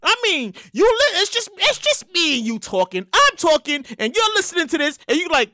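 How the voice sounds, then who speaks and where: A man hosting his own podcast, telling a story in an excitable, slangy and profane way. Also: extremely high pitch, moderate pace, hardly any pauses, no room sound, studio quality. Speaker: podcast host. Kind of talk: casual comedic podcast monologue.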